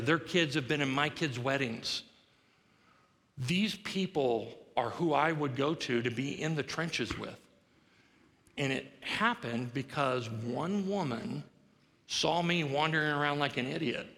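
A man's voice: medium pitch, measured pace, a bit bright. A middle-aged male pastor preaching a sermon, telling a story with humor and self-deprecation. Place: church sanctuary. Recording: long reverb of a large church hall.

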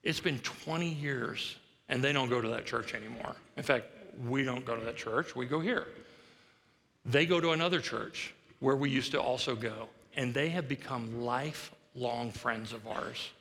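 In a church sanctuary, a middle-aged male pastor preaches a sermon, telling a story full of humor and self-deprecation. His mid-range voice has a sharp tone and moves at a normal speed, and the large hall adds long reverb to the recording.

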